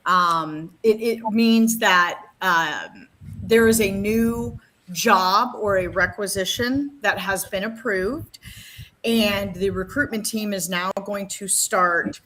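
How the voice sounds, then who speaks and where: A woman's voice: mid-range voice, pushed and bright, a little hiss or hum. A woman co-hosting a radio talk show on recruiting, upbeat and patiently explaining workplace terms. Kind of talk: casual radio chat.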